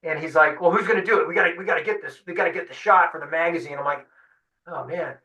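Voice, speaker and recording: Man, fishing guide, animated storyteller, slightly high bright voice, distant mic in an echoey room. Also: rapid-fire. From San Diego. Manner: animated storyteller acting out quotes. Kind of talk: storytelling in a webinar interview.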